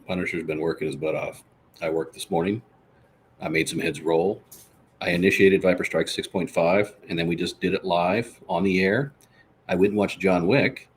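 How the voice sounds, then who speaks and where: A man's voice: deep voice, a little hiss or hum. A man hosting a casual live show, reading viewer comments and boasting about himself in the third person. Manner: reads out and answers viewer comments. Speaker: podcast host. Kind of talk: casual live-stream chat.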